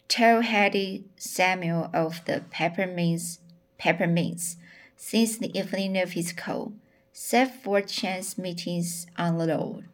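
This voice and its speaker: A woman reading a novel aloud, halting often and repeating words as she corrects herself. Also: fairly low pitch. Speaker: audiobook reader. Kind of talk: audiobook narration.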